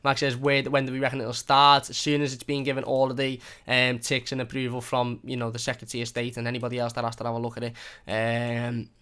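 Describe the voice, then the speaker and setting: A young man hosts a fan live stream at a brisk clip, reading comments aloud and thanking viewers again and again. His voice is bright and clear but stays flat in pitch, close on a desk mic at home. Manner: chatty, thankful, repeats phrases. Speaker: fan channel host.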